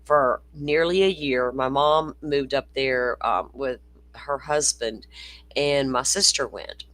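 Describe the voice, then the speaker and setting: A woman's voice: extremely low pitch, slow pace, fairly bright tone, no echo. A woman from Florida with a Southern accent, hosting a casual livestream chat; she swears freely, rambles and laughs often. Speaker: livestream host.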